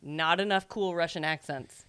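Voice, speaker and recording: Woman co-host, lower pitched, loose chatty delivery, dry close sound. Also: normal speed, fairly bright tone, clean tone, no room sound. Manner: chatty, fills speech with "like". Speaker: podcast co-host. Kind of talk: casual chat about video games.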